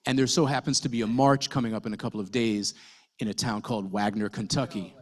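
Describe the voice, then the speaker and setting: A man, a novelist, talking casually to an audience at a book event, telling his story with lively asides and the odd swear word. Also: fairly low pitch, quick pace. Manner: conversational, animated storytelling with fillers and swearing.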